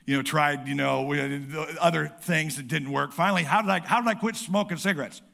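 A middle-aged male pastor preaching a lively sermon, calling out to the congregation and acting out quick asides. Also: a little high, creaky. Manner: lively preaching with audience call-outs and playful asides.

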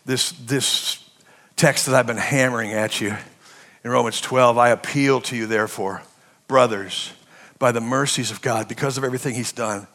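Gravelly preacher man, shouting then hushed. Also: mid-range voice, steady tone, moderate pace. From United States. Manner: impassioned preaching, swinging from shouts to hushed tones. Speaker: pastor. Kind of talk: sermon.

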